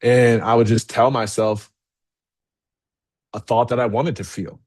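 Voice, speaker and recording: A man giving a motivational talk as keynote speaker to a live audience, candid and energetic, often checking in with "okay?". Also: medium pitch, measured pace. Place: event room with a live audience.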